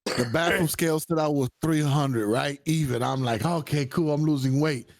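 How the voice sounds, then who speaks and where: A man's voice: a little high, normal speed. A man co-hosting a podcast, telling crude stories in casual chat, swearing a lot and laughing often. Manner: profane, storytelling, laughs often. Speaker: podcast co-host.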